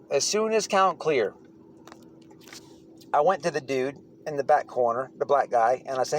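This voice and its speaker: A man with a mid-range voice tells stories from prison in a casual, blunt monologue, swearing freely and often restarting his sentences. His pace is moderate with frequent pauses, and there's a little hiss or hum on the recording.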